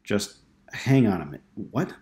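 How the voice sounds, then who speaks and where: A man's voice: fairly low pitch, very animated, normal speed, mellow, echoey room. Man voicing a tired, skeptical office man. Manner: questioning, skeptical. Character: skeptical male ad writer, tired and wary. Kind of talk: audiobook reading.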